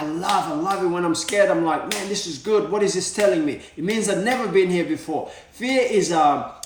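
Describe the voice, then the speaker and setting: A man giving a motivational talk in an earnest, repetitive way with many fillers. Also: fairly high pitch. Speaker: motivational speaker. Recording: echoey room, voice from far off.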